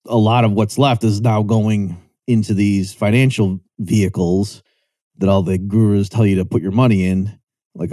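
An economics lecturer with a dark-toned voice gives a conversational explanatory lecture, recorded dry and at studio quality. He's chatty, checking in with a rhetorical "right?" and lifting his pitch to act out quoted remarks.

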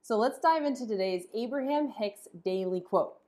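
A woman talking casually as she teaches her own channel's audience, her voice lively and animated. She slips into little acted-out phrases, her pitch and loudness shifting as she demonstrates. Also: moderate pace. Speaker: podcast host and law of attraction teacher. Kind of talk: casual explanatory talk.

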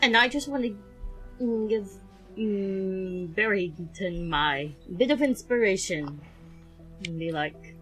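A woman playing a tabletop game, chatting casually and slowly. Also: mid-range voice, a bit bright, soft background music, poor audio. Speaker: player.

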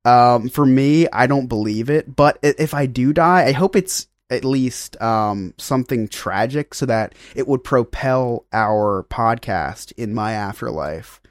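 A man in his thirties co-hosts a podcast, spinning a casual story full of fillers and self-mocking asides. His voice sits at a middling pitch and sounds close and dry. He rambles along like he's chatting with friends. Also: a little slow, hardly any pauses, dry recording. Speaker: podcast co-host.

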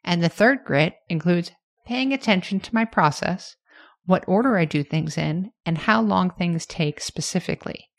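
A woman hosting her own podcast, talking through her plans in a candid, self-reflective, measured way. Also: on the low side, animated. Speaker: podcast host. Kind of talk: reflective solo podcast monologue.

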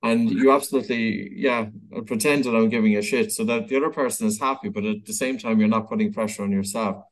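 A man's voice: fairly low pitch, fairly even intonation, quick pace, hardly any pauses, low-quality recording. A man hosting a podcast, chatting casually and thinking aloud as he asks questions. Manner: conversational, thinks aloud with fillers. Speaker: podcast host. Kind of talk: casual interview chat.

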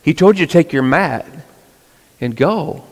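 A plain-spoken disciple with a low, quiet, matter-of-fact voice, as a preacher puts him on. Long church-hall reverb trails behind his words. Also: expressive, measured pace, gravelly, exaggerated voice.

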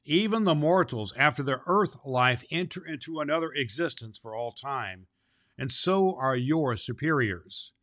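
A stern, ageless forest lord, read by a man speaks slowly and gravely, each word weighed. His tone carries a bright, forceful edge. The storybook voice sits dry and close to the mic. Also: mid-range voice, expressive, dry recording. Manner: stern, slow and measured. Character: stern ancient immortal male forest master.

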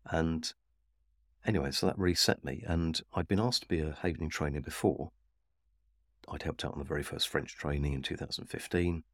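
A man with an extremely low, deep voice tells his story in an unhurried, reflective way, restarting sentences as he goes. The sound is close and dry, with no room around it. He is a Havening trainer being interviewed. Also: no room sound. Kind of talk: personal story told in an interview.

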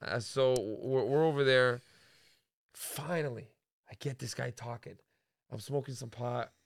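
A young man co-hosting a podcast, telling an animated, slangy story and saying "bro" a lot. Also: mid-range voice, unhurried, creaky. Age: young adult. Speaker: podcast co-host. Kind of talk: casual chat.

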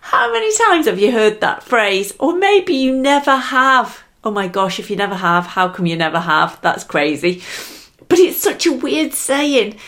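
A woman's voice: mid-range voice, fairly bright tone. A woman hosting a solo podcast, chatty and giggly, talking straight to the listener. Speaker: podcast host. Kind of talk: upbeat solo podcast talk.

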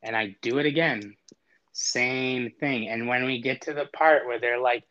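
A man tells a frustrated story in a casual chat, popping into little voices for each side of the call. His pitch sits in an ordinary middle range. The audio is somewhat dull and lo-fi. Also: measured pace. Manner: animated, acts out both sides of a phone call with exasperated humor.

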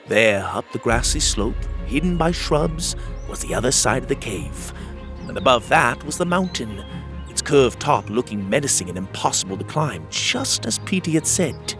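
A man hosting and narrating a children's adventure story in an expressive read-aloud manner. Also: lowish voice. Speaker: storyteller and podcast host.

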